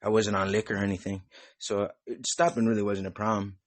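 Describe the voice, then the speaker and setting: A young man hosts a podcast, rambling loosely through casual chat and cursing a lot. His voice is on the low side with a flat delivery and a quick pace, recorded with no room sound.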